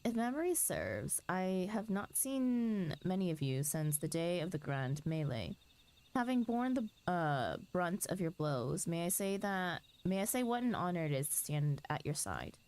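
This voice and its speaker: A woman's voice: fairly low pitch, very animated, a little slow, darkish tone. A woman reading as a courtly knight commander, formal and gracious. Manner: archaic formal speech. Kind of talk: reading game dialogue aloud.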